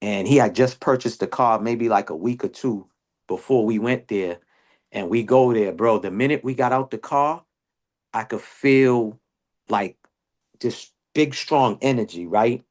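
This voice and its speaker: A man telling a story in casual podcast chat. His voice sits at a middle pitch, and it leaps up when he quotes others. He talks loose, slangy and animated. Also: a little slow. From Boston area. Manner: animated storyteller, slang-heavy, jumps high when quoting people. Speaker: podcast host.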